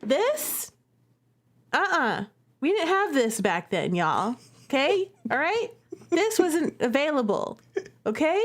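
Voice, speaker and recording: Animated high-voiced woman streamer. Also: slow pace. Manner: playful, laughing often, talking to chat. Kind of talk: live-stream game commentary.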